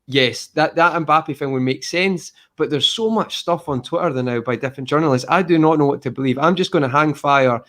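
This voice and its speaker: A man hosting a casual football podcast, animated and emphatic, calling everyone mate. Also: a little high, fairly quick, few pauses. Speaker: podcast host.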